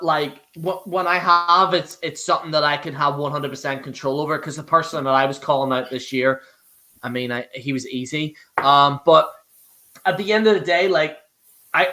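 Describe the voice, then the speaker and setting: A man's voice: fairly high pitch, bright, forceful tone. A young Irish man hosting a live stream, rambling casually and swearing, with frequent restarts. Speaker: host.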